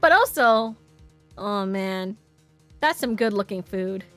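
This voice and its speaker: A woman's voice: mid-range voice, expressive, takes it slowly, faint music behind. A woman streamer chatting casually and playfully while playing a game, a little hesitant in her asides.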